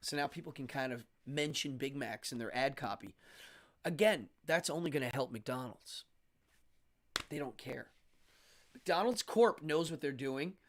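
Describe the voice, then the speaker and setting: A man with a slightly high voice hosts a casual live stream from his home setup. He chats in an animated way, greets viewers and reads the chat aloud into a studio microphone.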